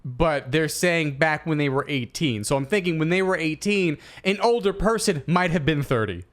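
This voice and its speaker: A man in his thirties co-hosting a comedy podcast, telling stories in a casual, animated way and acting out quotes. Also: a little high, moderate pace. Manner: animated storyteller, acts out quotes. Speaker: podcast co-host.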